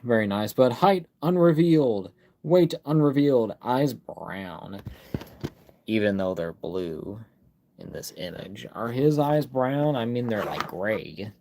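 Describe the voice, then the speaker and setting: A man's voice: mid-range voice, animated, slow pace, dark tone, slight background noise. A man hosting a casual live stream, reading a product card aloud and chatting with viewers, full of fillers and restarts. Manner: chats directly with viewers in chat.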